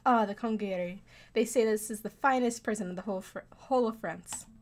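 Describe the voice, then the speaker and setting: A woman's voice: medium pitch, a little fast, darkish tone, natural voice. A woman reading the lines of an eager small male bird assistant in a game, reading them aloud in a plain voice. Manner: reads game dialogue aloud.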